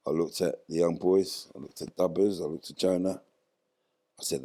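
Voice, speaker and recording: A man's voice: low voice, fairly quick. An older man, telling a story in an interview and acting out what people said. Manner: animated retelling, acts out quoted dialogue. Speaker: interview guest, former footballer.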